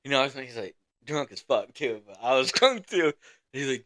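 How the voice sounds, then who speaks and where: A man's voice: mid-range voice, animated, fairly quick, fairly bright tone. A young man casually telling a rowdy story on a podcast, swearing constantly and laughing as he talks. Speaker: podcast co-host.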